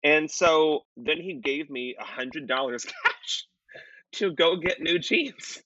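A man telling a story in casual podcast chat, animated and profane. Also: fairly high pitch, slow, no echo, highs cut off. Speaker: podcast guest.

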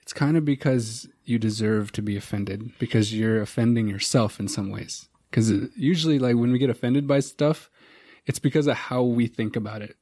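A man's voice: mid-range voice, normal speed, few pauses, dark tone, dry recording. A man in a casual group conversation, thoughtfully sharing his opinions.

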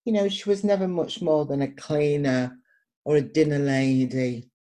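Older Manchester poet telling stories in an interview, mellow and lively, acts out the people she quotes. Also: low-pitched, moderate pace. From Manchester, England. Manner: lively, acts out voices in her anecdotes. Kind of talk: personal storytelling in an interview.

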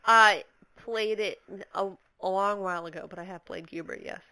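Chatty woman cohost w a bright sharp voice, retelling a show and doing little voices. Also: mid-range voice, moderate pace, smooth, poor audio. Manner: animated, acts out characters in quoted voices. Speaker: podcast co-host. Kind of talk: casual chat recapping an anime episode.

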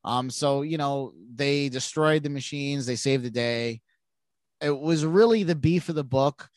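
A man's voice: medium pitch, measured pace, a little mellow, dry recording. Rambling nasal man talking comics. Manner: rambling, many restarts and fillers. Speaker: podcast co-host. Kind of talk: casual comic book chat.

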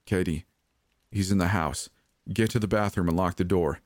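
A man's voice: deep voice, normal speed, no echo, clean studio sound, close to an everyday voice. A man voicing a desperate young man in a storybook horror reading, urgent and pleading.

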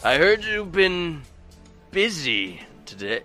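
A man's voice: fairly high pitch, very animated, takes it slowly, pushed and bright, faint music behind, voice pushed up, full character voice. A man voicing a menacing one-eyed gang leader in a fantasy tabletop game.

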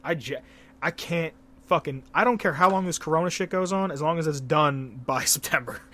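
A young man from Pennsylvania co-hosting a casual podcast, rambling and excitable and swearing a lot. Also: on the high side, moderate pace. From Pennsylvania, USA. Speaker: podcast co-host.

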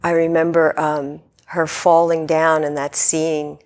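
A woman Zen teacher giving a measured, reflective dharma talk, reading a story and then musing on it. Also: deep voice, level tone, darkish tone. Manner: measured, reflective, with light laughs.

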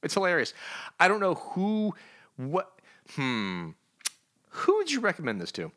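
Animated, stammering male podcast co-host. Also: sits high, measured pace. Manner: animated, stammering restarts, laughs often. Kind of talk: casual comic review chat.

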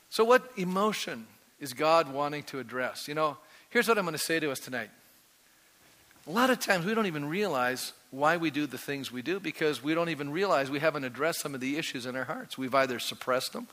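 Middle-aged male preacher, animated and questioning, fairly high bright voice in a reverberant hall. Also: a little fast. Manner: energetic, quizzes the congregation with rising questions. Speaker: pastor. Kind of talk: sermon.

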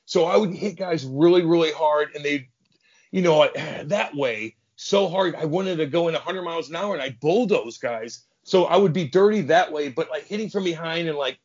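A fairly high-pitched man is heard through a muffled recording, swapping casual, profane stories as a podcast guest. The ex-hockey enforcer is animated, bringing the people in his tales to life by acting out their voices.

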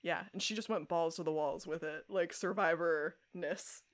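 A young adult woman co-hosting a podcast, recapping a show episode in casual chat, animated and laughing as she acts out quoted lines. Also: lowish voice, normal speed. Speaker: podcast co-host.

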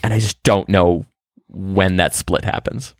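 Low-voiced musing podcast co-host. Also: male voice, fairly even intonation, no echo, studio quality. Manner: musing, halting, stumbling restarts. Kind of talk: casual chat.

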